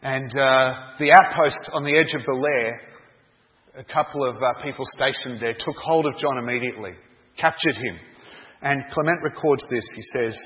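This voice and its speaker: A man preaching a sermon, telling a story in a dramatic, deliberate way. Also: medium pitch. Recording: dull echoey hall sound.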